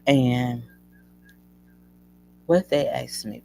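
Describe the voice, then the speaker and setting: A woman hosting a show, telling a personal story to her listeners in an emotional, animated way. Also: rumbling low, slow, vocal fry, poor audio. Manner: emotional, animated retelling addressing listeners as y'all. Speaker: host.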